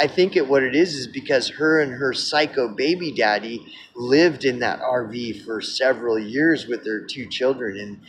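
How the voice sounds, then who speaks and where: A man's voice: mid-range voice, fairly bright tone, slight background noise. A man telling a personal story in a casual, rambling way, swearing often and calling the listener dude.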